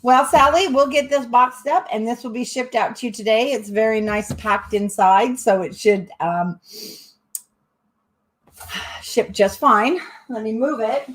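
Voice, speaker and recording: A woman's voice: on the high side, measured pace. Chatty, giggly woman crafting host. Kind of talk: live-stream crafting chat.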